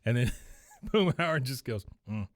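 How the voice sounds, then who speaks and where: A man's voice: medium pitch, expressive, unhurried. Man recapping a show with easy laughs. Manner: laughs often, reads quotes in lightly changed voices. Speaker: podcast co-host recapping an episode. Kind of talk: casual chat, reading out scenes.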